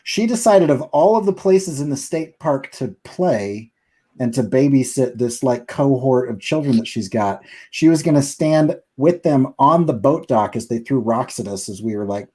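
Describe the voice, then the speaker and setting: A man hosting a casual live stream chat, telling a funny story in an animated way and laughing between lines. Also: medium pitch, normal speed, slightly rough.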